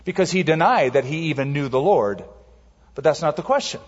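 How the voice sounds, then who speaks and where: A man delivers a sermon in a large, echoing sanctuary, and his slightly husky voice sits a little high. He tells stories with lively, swooping pitch and acts out quotes in a raised voice. The sound is a bit muffled. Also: a little fast. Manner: animated storytelling, acting out quotes in a raised voice. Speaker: pastor.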